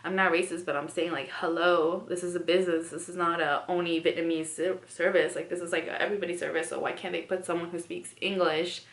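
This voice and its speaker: A woman's voice: lowish voice, little pitch movement, quick pace, hardly any pauses, fairly bright tone. A young woman vlogger telling a story in casual chat, rambling with lots of "like" and "you know" fillers. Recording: echoey room.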